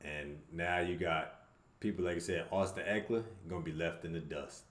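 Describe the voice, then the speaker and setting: A man's voice: deep voice, steady tone, normal speed, fairly bright tone. A man co-hosting a sports podcast, casual and blunt, with profane slang. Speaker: podcast co-host. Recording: roomy echo.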